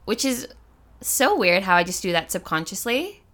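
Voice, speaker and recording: A woman with an American accent, a podcast guest in casual chat, talking in a chatty, animated way. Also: mid-range voice, moderate pace.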